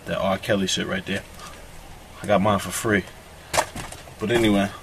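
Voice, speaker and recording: A man's voice: deep voice, little pitch movement, normal speed, vocal fry, background noise. A man doing a crude comedic monologue, telling a rambling, profane story in a boastful tone.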